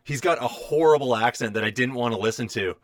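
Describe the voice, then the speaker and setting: A man's voice: mid-range voice, fast talker, dry recording, studio quality. A man co-hosting a podcast, chatting casually and rambling with lots of fillers. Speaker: podcast co-host.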